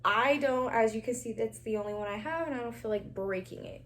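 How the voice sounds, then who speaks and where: A young woman with a fairly high voice talks casually to her viewers while styling her braids. She slips into soft near-whispers as she concentrates. There is a faint hiss in the background. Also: brisk. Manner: chatty, talks straight to viewers as "girl" and "y'all", laughs often; drops to a near whisper while twisting hair. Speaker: hair tutorial vlogger. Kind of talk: casual hair tutorial chat.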